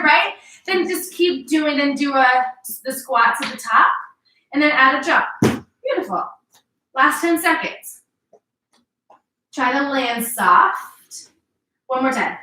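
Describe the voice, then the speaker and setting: A woman's voice: high voice, lively intonation, slow pace, pauses often, bright, forceful tone, slight background noise. A woman fitness instructor coaching a workout class, upbeat and encouraging as she cues each move, at times out of breath. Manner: upbeat, encouraging, cueing moves. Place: home workout space, indoors. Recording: roomy echo, mic at a distance.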